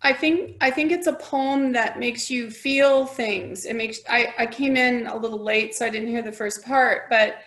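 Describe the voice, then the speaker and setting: A woman taking part in a webinar, answering haltingly as she searches for words. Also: fairly high pitch, steady tone, fairly bright tone. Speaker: webinar participant.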